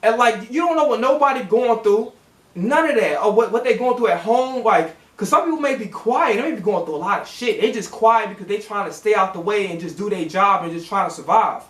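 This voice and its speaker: A man's voice: high-pitched, fairly quick, fairly bright tone. A man telling a casual storytime in a heated, profane rant that acts out both sides of an argument. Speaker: storytime vlogger. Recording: roomy echo.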